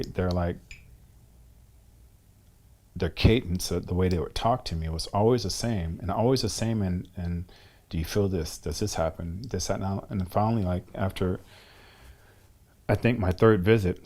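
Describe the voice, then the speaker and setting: A man's voice: low-pitched, a little mellow. A middle-aged man from the United States, a guest in an interview, candidly telling a personal story and acting out both sides of remembered conversations.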